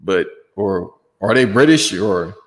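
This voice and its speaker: Slangy low-voiced man in a reverberant room. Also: animated, slow. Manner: loose, slangy, profane banter. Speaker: podcast co-host. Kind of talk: casual chat about wrestling.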